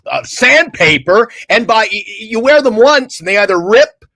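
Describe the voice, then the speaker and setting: A man hosting a sports talk show, exasperated and animated, with crude asides. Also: high-pitched, normal speed, no room sound, studio quality. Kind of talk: heated casual sports talk.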